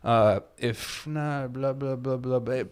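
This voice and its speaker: A man's voice: mid-range voice, steady tone, slow pace, clear, resonant tone. A man hosting a casual podcast as a DJ, sarcastic and profane, laughing often. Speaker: DJ and podcast host. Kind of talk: casual chat.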